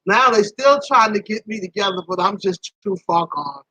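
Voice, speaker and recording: A woman hosting a live stream tells a story to her viewers in a lively, casual way. She laughs often, and her voice jumps up high at the embarrassing parts. Her tone is bright and forceful, and the recording is close and dry. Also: moderate pace, slightly rough, dry recording, poor audio. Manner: animated, laughing, swoops high when embarrassed.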